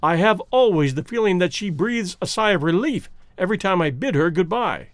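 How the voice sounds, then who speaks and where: An anxious, persistent suitor pleads his case in an earnest, high voice, as a male audiobook reader plays him. His pitch rises and falls with urgency. The sound is close and dry. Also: expressive, a little fast, no echo. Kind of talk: audiobook character voice.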